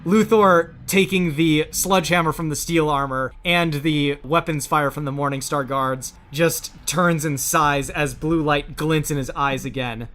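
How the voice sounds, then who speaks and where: A man's voice: on the high side, a little slow, hardly any pauses, fairly bright tone. A man narrating a tabletop game as game master, describing action scenes.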